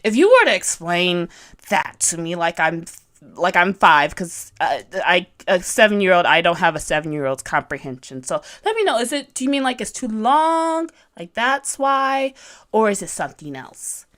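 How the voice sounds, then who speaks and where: A woman's voice: on the low side, very animated, moderate pace, fairly bright tone. A woman in her thirties, a webcomic artist on a casual livestream, chatting bubbly and giggly, rambling and joking about herself while reading viewer comments. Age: 30s. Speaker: webcomic artist streaming a tutorial.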